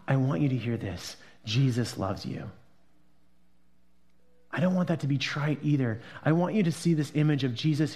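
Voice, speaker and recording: A man preaching a sermon in a conversational way, rising to loud emphatic peaks and dropping to quiet, hushed passages as he reads scripture. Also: mid-range voice, slightly rough. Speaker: pastor.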